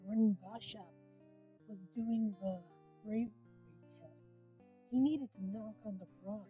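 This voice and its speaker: A woman reading game dialogue in a slow, halting way, with swearing thrown in. Her voice comes through a narrow, phone-like line. Faint music plays behind her. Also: mid-range voice, steady tone.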